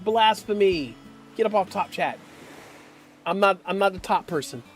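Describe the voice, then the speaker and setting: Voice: medium pitch, normal speed, faint music behind. A streamer giving casual live-stream gameplay commentary, playful and slangy, often laughing and teasing the chat. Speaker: game streamer.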